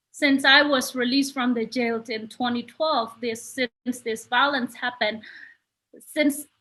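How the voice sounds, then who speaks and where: A woman human rights activist from Myanmar, giving an earnest personal testimony over a video call, halting with many restarts. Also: fairly high pitch, sharp tone. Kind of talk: personal testimony in a virtual summit.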